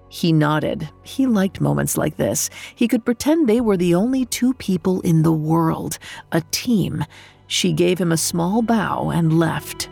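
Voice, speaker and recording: A woman narrating a scripted story in a measured, dramatic way. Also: fairly low pitch, animated, gravelly, mellow, breathy edge, soft background music. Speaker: podcast narrator.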